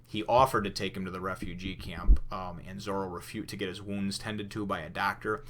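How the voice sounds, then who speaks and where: A man's voice: low voice, flat delivery, brisk, fairly bright tone, a little hiss or hum. A man casually recapping a comic chapter and commenting on it, rambling with frequent fillers and restarts, and sometimes acting out characters' lines. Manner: rambling, lots of "you know" and restarts; loosely acts out characters' lines. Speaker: manga reviewer.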